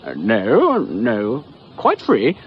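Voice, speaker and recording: A man's voice: medium pitch, huge pitch swings, extremely slow, narrow, tinny audio, slight background noise, full character voice. A man voicing an eccentric male doctor who talks in a breezy, matter-of-fact way.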